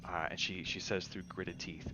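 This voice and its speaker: Deep-voiced male game master narrating. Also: level tone, music in the background. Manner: descriptive, unhurried, with many fillers.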